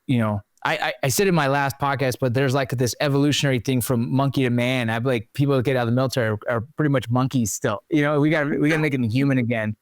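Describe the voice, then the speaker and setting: A middle-aged man hosting a podcast, chatty and animated when he tells stories. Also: medium pitch, fast, hardly any pauses, no room sound, clean studio sound. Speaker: podcast host. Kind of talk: conversational interview.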